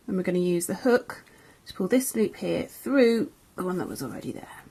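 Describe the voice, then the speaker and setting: A woman's voice: on the low side, animated, normal speed, few pauses. A young English woman, a crochet designer, teaching a beginner's tutorial in a chatty, friendly way that often corrects itself as she goes. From England. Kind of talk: casual tutorial.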